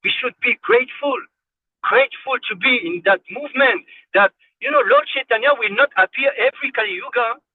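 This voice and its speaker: A man's voice: extremely high pitch, big pitch swings, brisk, slight background noise. A man giving a devotional class, fervent and exhorting, repeating phrases for emphasis. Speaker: spiritual class speaker. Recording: tinny phone-like line, dry.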